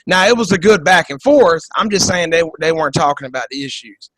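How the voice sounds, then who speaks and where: A man's voice: a little high, animated, brisk, fairly bright tone, no echo, rough recording. A man hosting a podcast, giving casual political commentary in a profane, joking, rambling way over a video call. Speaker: podcast host.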